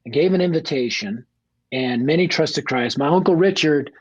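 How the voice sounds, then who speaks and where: A man's voice: a little high, moderate pace, slightly rough, no echo, muffled recording. A man from Denver, a guest evangelist, telling his life story in a radio interview with blunt, earnest directness, acting out family dialogue. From Denver, Colorado.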